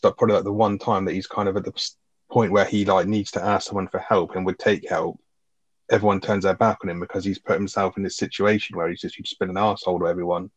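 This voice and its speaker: Guy rattling through a film recap, swearing a lot, low voice, dry close mic. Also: dry recording, dull audio. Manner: sweary, animated retelling of scenes. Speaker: podcast co-host. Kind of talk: casual film review chat.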